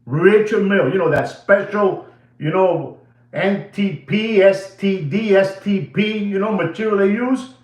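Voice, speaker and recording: On his watch-selling livestream, a man with an expressive, high-sitting voice rants emphatically, a little slowly, going over the same points and dropping in Spanish phrases. The room is audible in the sound.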